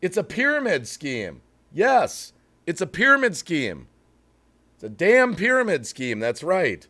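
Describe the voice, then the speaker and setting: A man's voice: high voice, huge pitch swings, a little slow, bright, forceful tone. A man hosting a live stream, ranting bluntly to his chat and breaking off to apologize for getting worked up. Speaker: livestream host.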